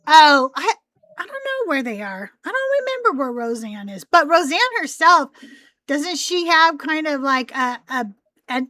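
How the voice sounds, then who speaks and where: A woman's voice: high-pitched, sing-song, unhurried, bright, forceful tone. A woman hosting a live call-in show, chatting casually in a rambling way with a youthful, teen-like voice. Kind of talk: casual live-stream chat.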